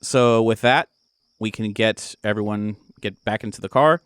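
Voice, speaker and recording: A man's voice: lowish voice, normal speed, fairly bright tone, a little hiss or hum. Man narrating a role-play, loose and rambling. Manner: loose, filler-heavy narration. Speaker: game master.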